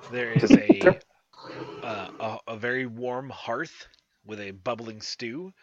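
A man narrating as game master of a tabletop game, with halting, filler-filled descriptions. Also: mid-range voice, lively intonation, muffled recording.

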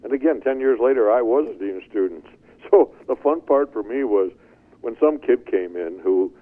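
Older man, husky voice over a phone line. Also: mid-range voice, moderate pace. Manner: animated, chuckling storyteller. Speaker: interview guest. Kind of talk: storytelling testimony.

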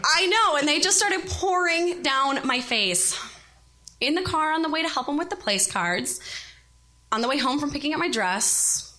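A woman in her thirties telling a personal story, animated and self-deprecating. Her voice is high and swoops around with lots of movement. The tone is bright and forward. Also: normal speed.

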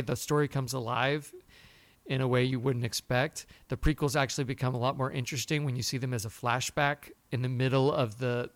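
A man co-hosting a podcast, telling a story in a lively way and acting out the people he quotes. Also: medium pitch, no room sound. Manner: animated storyteller, acts out quotes. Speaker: podcast co-host. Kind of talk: casual chat.

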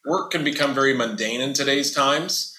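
A man, a business owner guest, talking casually in an interview and acting out quoted dialogue with lively energy. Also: mid-range voice, normal speed, reverberant. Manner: animated, acts out quoted dialogue.

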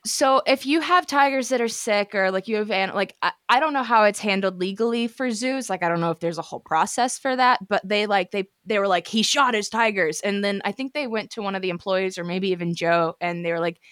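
A woman chats casually with friends and reacts with plain disbelief. Her voice is smooth and clear, recorded dry and close. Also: mid-range voice, brisk, hardly any pauses, a bit bright, no echo. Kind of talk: casual chat.

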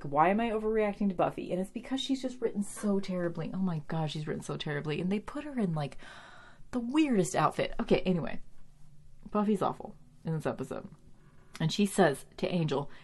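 A woman chatting casually as she recaps a TV episode, animated, with lots of "like" and some swearing. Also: sits low.

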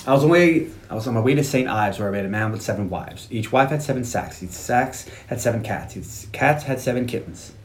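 A man on a podcast, recapping a film in a lively way and acting out its lines in voices. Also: medium pitch, brisk, few pauses, roomy sound, a little hiss or hum. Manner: animated, acts out movie lines in voices. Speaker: podcast host. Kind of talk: casual movie recap chat.

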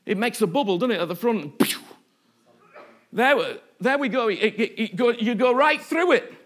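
A man's voice: extremely high pitch, animated, moderate pace, fairly bright tone. A man preaching a passionate sermon, often acting out the voices of the people he quotes.

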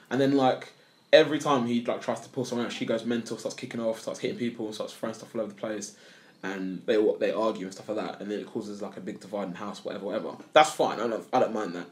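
A man's voice: fairly low pitch, quick pace. A young man, co-hosting a casual podcast chat, rambling and swearing as he tells stories. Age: young adult. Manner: rambling, swears, animated storytelling. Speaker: podcast co-host.

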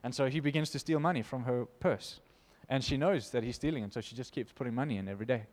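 A man preaching an informal sermon, reading scripture aloud and commenting with animated emphasis. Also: medium pitch, fast talker, in a large hall. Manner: animated, emphatic, laughs between points.

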